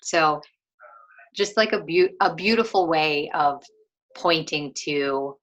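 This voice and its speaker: A woman's voice: low-pitched, slow, fairly bright tone. A young woman on a video call, talking thoughtfully about a book in casual chat, with many fillers and restarts. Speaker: co-host of a book discussion.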